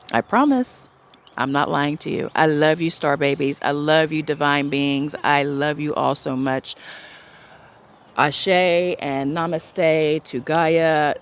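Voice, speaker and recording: A woman giving a casual spiritual pep talk to her viewers. She is blunt and emphatic, swears freely, acts out the voices she quotes, and slows into soft, drawn-out blessings. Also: low voice. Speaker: spiritual self-love vlogger.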